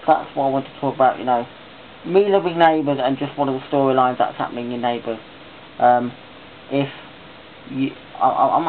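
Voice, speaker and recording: A man chatting casually in a vlog, rambling and enthusiastic as he talks on. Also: medium pitch. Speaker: vlogger. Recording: tinny phone-like sound with faint hiss.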